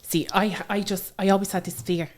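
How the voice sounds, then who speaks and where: A woman in her thirties with an Irish accent, telling stories about her daughter in a chatty, animated way. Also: medium pitch, brisk. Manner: chatty, animated storytelling with frequent fillers. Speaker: interview guest, mother. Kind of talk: casual conversational interview.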